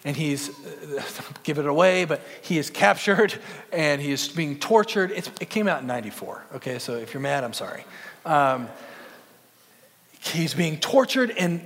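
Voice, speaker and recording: Young male pastor, earnest conversational sermon, lightly raised pitch, long hall reverb. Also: normal speed, fairly bright tone. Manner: earnest, conversational with film references.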